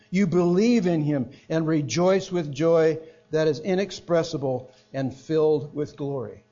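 Preacher with mellow, husky voice. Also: male voice, a little high, slow. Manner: expressive, swings from loud emphatic to quiet hushed. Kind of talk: sermon. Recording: dull lo-fi sound with mains hum.

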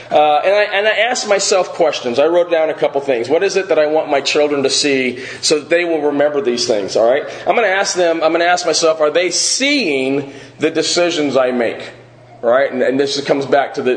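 A middle-aged man leads a church Bible class in an earnest, questioning way. His voice sits a bit high for a man. The room adds a noticeable echo. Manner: earnest, asks the group questions, often adds "all right?". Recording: echoey room.

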